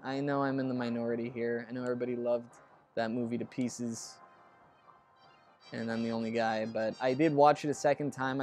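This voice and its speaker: A man's voice: mid-range voice, darkish tone. Chatty man rambling over a retro game. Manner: chatty and rambling, curses under his breath at the game. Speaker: let's play host. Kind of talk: casual gameplay commentary.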